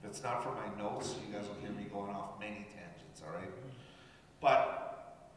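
A man's voice: on the low side, normal speed, background noise. A man from Canada preaching a sermon, talking conversationally and addressing the congregation directly. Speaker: pastor. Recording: echoey hall with long reverb.

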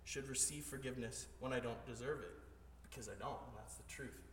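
A male pastor preaching a sermon, moving between hushed storytelling and rising, emphatic preaching. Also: medium pitch, steady tone, a little fast, slight background noise. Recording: echoey hall, voice heard from a distance.

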